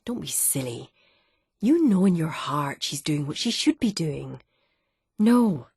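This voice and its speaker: A woman voicing a calm, patient middle-aged wife who soothes her husband with soft, gentle teasing in an audiobook. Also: low voice, slow pace, gravelly, slightly rough, no echo, studio quality, heavily acted. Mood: soothing.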